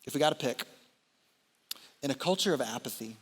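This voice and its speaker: A young man, a college ministry director, giving an animated sermon full of jokes and off-script asides on a stage microphone in a large church hall. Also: medium pitch, brisk, husky. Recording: long hall reverb.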